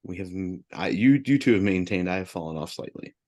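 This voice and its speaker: Lower-pitched man recapping bets. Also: animated, a little mellow. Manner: upbeat, lists picks in quick bursts. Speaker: podcast co-host reading betting results. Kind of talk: casual sports betting chat.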